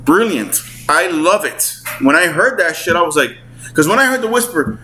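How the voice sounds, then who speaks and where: Animated male gaming commentator. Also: on the high side, moderate pace, a little hiss or hum, poor audio. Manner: excitable, slangy, swears, acts out character voices. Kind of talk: casual commentary. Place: at home. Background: clothes dryer running.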